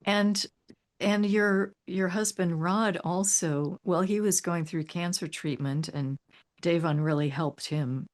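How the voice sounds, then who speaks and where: A woman's voice: on the low side, steady tone, slow pace. A woman interviewer sharing a story and asking questions in a musing way, full of fillers. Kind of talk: conversational interview.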